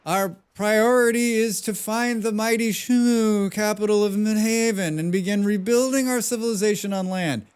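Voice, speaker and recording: A solemn, stiff old man reading quest lines, as a male streamer puts him on. He is pitched noticeably above the streamer's usual talk and a touch louder. The reading is plainly amateur. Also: steady tone, normal speed, hardly any pauses, clear, resonant tone, natural voice.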